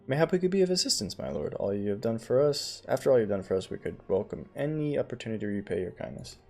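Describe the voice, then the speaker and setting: A man's voice: medium pitch, expressive, fast, creaky, dark tone. A man voicing a polite, eloquent young scholar-diplomat while reading game dialogue. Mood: earnest.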